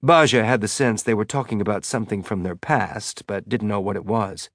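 A man reading a novel aloud in measured, tense scripted narration. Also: fairly low pitch, a bit bright, no room sound, clean studio sound. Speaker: audiobook narrator.

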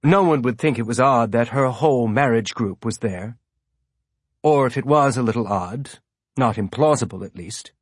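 A male audiobook narrator reading in a steady, even storytelling voice. His tone is husky and of middling pitch, and the recording is dry and close to the mic. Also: moderate pace, dry recording. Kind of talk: scripted narration.

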